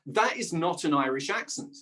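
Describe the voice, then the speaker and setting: A middle-aged man, a dialect coach and voice actor, chatting lively as a guest. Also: a little high, moderate pace. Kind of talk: casual conversation.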